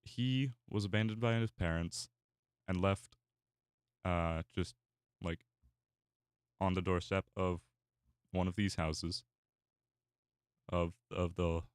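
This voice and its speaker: A man's voice: low-pitched, fairly even intonation, takes it slowly, pauses often, clear, resonant tone, no room sound, studio quality. A young man chatting casually while he draws, rambling with many fillers and restarts. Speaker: artist and YouTuber. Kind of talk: casual chat while drawing.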